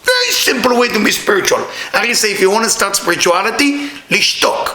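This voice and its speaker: A man giving a lively, storytelling talk on the weekly Torah portion as a Kabbalah teacher, with playful asides and loose grammar. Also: high-pitched, fairly quick, echoey room.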